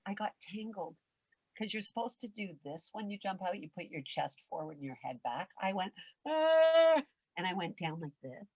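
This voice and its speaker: The voice is lowish and slightly rough, fairly quick, captured dry with the high frequencies cut off. It belongs to an older veteran performer telling a podcast interviewer a story, acting out each character, shouting at moments and swearing with easy candor.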